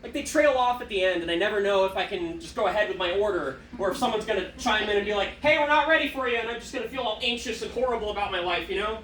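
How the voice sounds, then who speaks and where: A man's voice: sits high, fast talker, few pauses, reverberant, recorded from a distance, slight background noise, low-quality recording. A young man performing a self-deprecating stand-up comedy set on a small theater stage. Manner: animated, self-deprecating storytelling.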